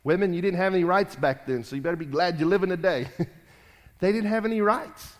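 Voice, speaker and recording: Preacher with hall reverb. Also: male voice, sits high, fairly quick. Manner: emphatic, repetitive, swings between loud and quiet. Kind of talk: sermon.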